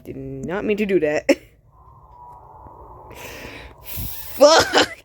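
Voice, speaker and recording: A woman giving casual commentary while playing a game, excitable and laughing, swearing often. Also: medium pitch, very slow. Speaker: gamer. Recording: noisy background.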